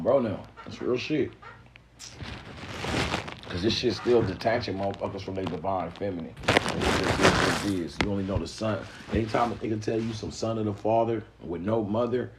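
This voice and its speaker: A man from the Mississippi Delta, giving a profane, animated live-stream lecture to his viewers. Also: on the low side, noisy background. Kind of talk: casual live-stream monologue.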